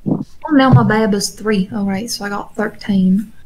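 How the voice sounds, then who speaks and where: A woman's voice: medium pitch, fairly even intonation, moderate pace, darkish tone, slight background noise, rough recording. A woman playing a tabletop game, asking about the rules as she takes her turn. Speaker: player. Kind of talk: casual chat at a game table.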